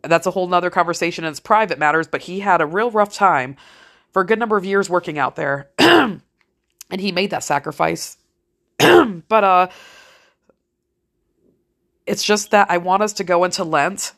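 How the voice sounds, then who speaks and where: A woman's voice: on the low side, moderate pace, long pauses, fairly bright tone. A middle-aged woman talking in a frank, rambling, motivational monologue, swearing freely as she speaks to her listeners. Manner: blunt, heavy swearing, frank. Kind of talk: casual monologue.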